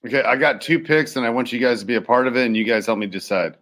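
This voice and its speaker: A man's voice: mid-range voice, very fast, fairly bright tone. A man co-hosting a podcast, chatting casually with short, eager remarks. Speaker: podcast co-host. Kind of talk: casual chat.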